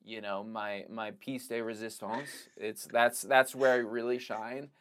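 A man's voice: lowish voice, flat delivery, measured pace, fairly bright tone, clear, resonant tone. A man talking as a podcast guest about filmmaking and acting, rambling loosely with lots of "like" and restarts. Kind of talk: casual conversation.

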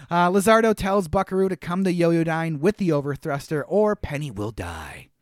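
A high-pitched man chats through a movie recap, amused and wry, laughing at the plot as he goes. His voice is close and dry, with no room sound around it. He talks in a loose, conversational way. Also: lively intonation, a little slow, no room sound. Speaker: podcast co-host. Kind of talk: casual movie recap chat.

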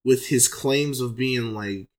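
A man's voice: medium pitch, slow. A man in casual podcast chat, laid-back and swearing often. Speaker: podcast guest.

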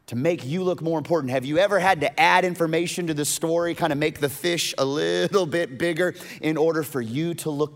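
Animated preaching man, higher voice. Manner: animated, emphatic, with repeated restarts. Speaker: pastor. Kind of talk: sermon.

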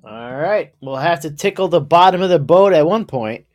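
Joking co-host with a lively voice. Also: female voice, low voice, normal speed. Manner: joking, relaxed banter. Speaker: podcast co-host. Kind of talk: casual chat.

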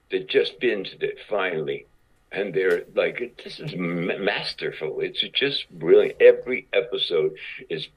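A man with a very low, husky voice tells stories at a slow, halting pace, repeating himself and acting out what others said. The recording sounds dull and lo-fi. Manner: halting, repeats words, acts out quotes. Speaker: actor guest. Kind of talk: casual storytelling interview. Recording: dull lo-fi audio.

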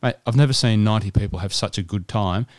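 A man's voice: lowish voice, quick pace, no echo. An Australian man co-hosting a podcast, telling stories in casual chat with frequent restarts. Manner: chatty storytelling with restarts. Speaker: podcast co-host.

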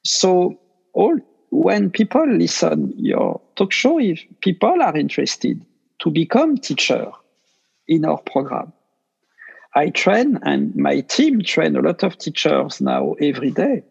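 A French-accented man speaks slowly and earnestly, his gravelly voice a little husky. He is a meditation teacher being interviewed, and the audio sounds dull and lo-fi. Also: on the high side, big pitch swings. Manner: slow, earnest, gentle speech in simple non-native English. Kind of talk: podcast interview.

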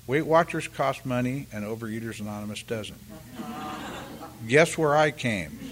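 An older man giving a halting, rambling personal share at a recovery meeting, full of restarts and "you know," and acting out the voices of the people in his story. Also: mid-range voice, a little hiss or hum. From California, US. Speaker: speaker sharing at a recovery meeting.

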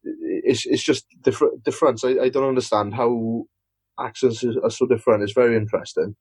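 A man's voice: mid-range voice, fairly even intonation, fairly quick, darkish tone, slightly rough, dry recording, poor audio. A man with a South Welsh accent, a podcast guest in casual chat, rambling with many restarts. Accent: South Wales. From Swansea, Wales. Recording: dry close mic.

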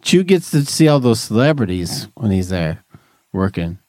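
A man's voice: lowish voice, normal speed, dry recording. A man co-hosting a podcast in casual chat, ranting animatedly with a lot of swearing. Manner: animated, mocking rants with profanity. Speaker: podcast co-host.

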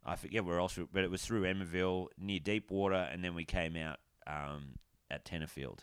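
Laid-back Australian man, lowish voice. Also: steady tone, brisk, a bit bright, smooth, no room sound, clean studio sound. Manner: laughs often, encouraging, blokey. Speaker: podcast co-host. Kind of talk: casual chat.

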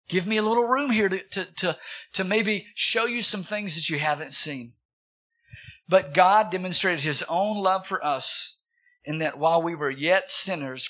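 A man's voice: sits high, pushed and bright. A man in his thirties preaching a sermon, asking the congregation questions and repeating words for emphasis. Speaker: pastor.

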